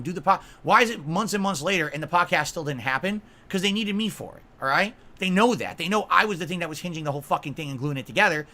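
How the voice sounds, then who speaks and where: A man's voice: sits high, sharp tone. A man on a livestream, ranting in an aggrieved, emphatic way, swearing and asking his viewers "right?" again and again. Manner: aggrieved, repeatedly asks "right?" and "okay?". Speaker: streamer.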